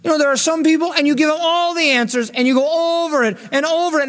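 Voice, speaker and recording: A man's voice: very high voice, quick pace, a bit bright, in a large hall. A male pastor preaching an expository sermon, earnest and rising to emphatic peaks when quoting scripture.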